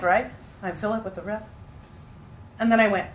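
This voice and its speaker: A woman leading a group, telling a story with animated bursts and acted-out shouts. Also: mid-range voice, normal speed, long pauses. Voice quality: animated, acts out moments with sudden loud cries. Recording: noisy room ambience.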